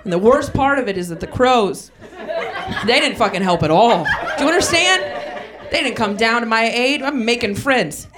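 A woman's voice: fairly high pitch, expressive, normal speed. A queer woman doing a rambling, profane stand-up set, laughing at her own jokes. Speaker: stand-up comedian. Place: comedy club stage with live audience. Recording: loud crowd in club. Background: audience laughing.

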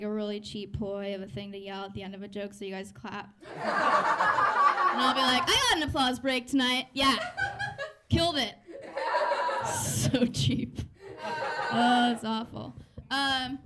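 A woman in her thirties doing a stand-up comedy set in a club, chatty and sardonic, laughing through her lines. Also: a little high. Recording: noisy live club recording.

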